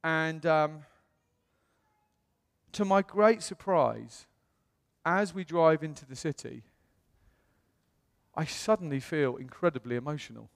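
A man, a pastor, telling a personal story in a sermon in a chatty, animated way. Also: on the high side, takes it slowly, gravelly, long pauses, big-room sound. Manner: chatty storytelling, animated voices when quoting others.

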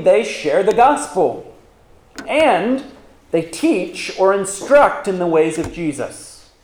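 A man's voice: high voice, reverberant. A man pastor preaching a sermon, asking rhetorical questions and reading scripture aloud with emphasis.

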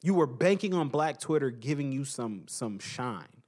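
A young man hosting a podcast, giving an animated casual opinion monologue and repeating his points for emphasis. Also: medium pitch, measured pace, slightly rough. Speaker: podcast host.

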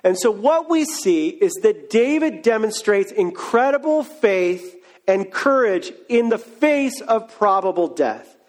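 A man's voice: high-pitched, big pitch swings, slow. A man preaching a sermon, retelling a story in a casual, joking way. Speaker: pastor.

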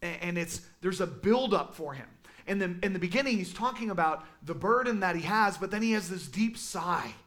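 A man teaching a Sunday school class in a casual, animated way, with lots of fillers. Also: high voice, moderate pace. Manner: animated, conversational, many fillers. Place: church classroom.

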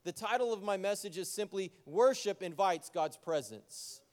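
A man preaching a sermon as pastor, joking and energetic, talking straight to his congregation. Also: high-pitched, moderate pace. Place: church sanctuary. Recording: long church hall reverb.

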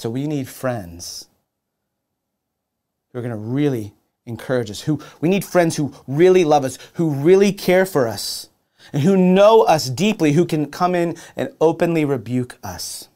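A man's voice: fairly high pitch, expressive, moderate pace, mellow. A young adult man preaching a sermon in an earnest, conversational way, often repeating and restarting his words. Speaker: pastor.

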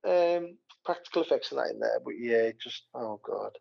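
A man chats casually on a podcast, rambling through stories with plenty of fillers and restarts. His voice has a gravelly edge. The recording sounds a little muffled. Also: medium pitch, fairly quick. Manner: rambling, animated retelling with many fillers and restarts. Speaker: podcast co-host. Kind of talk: casual chat.

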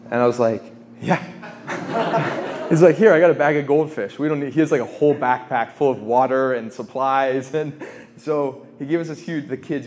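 A man in his thirties giving a faith talk, telling a personal story in a chatty, animated way with restarts and laughs. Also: medium pitch. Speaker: speaker at a formation talk.

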